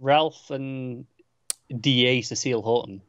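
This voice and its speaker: A man co-hosting a podcast about TV, mostly giving short agreeing replies in a low-key casual manner. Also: takes it slowly, a bit bright, clean tone, no room sound, lo-fi sound. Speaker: podcast co-host. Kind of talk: casual chat reviewing TV episodes.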